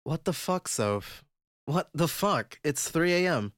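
A man's voice: mid-range voice, expressive, moderate pace, no room sound, studio quality, lightly acted. A man voicing an irritated, foul-mouthed teenage girl who has just been woken in the middle of the night, in an audiobook. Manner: sharp, impatient, swearing. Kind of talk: audiobook character voice.

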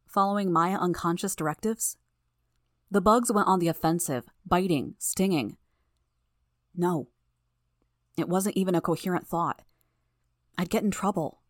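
Brief: woman audiobook narrator, slightly low voice, measured first-person storytelling, dry recording. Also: no echo.

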